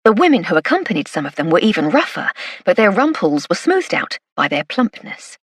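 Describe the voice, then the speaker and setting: Woman audiobook narrator, husky, low-pitched, dry close recording, wry measured delivery. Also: very animated, no echo. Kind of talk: first-person scripted narration.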